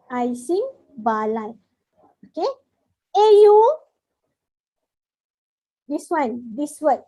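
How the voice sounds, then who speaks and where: A woman with a Malaysian accent, a Malay speaker, teaching a language lesson as a lecturer, repeating words slowly so students can follow. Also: high-pitched, low-quality recording. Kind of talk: online class lecture.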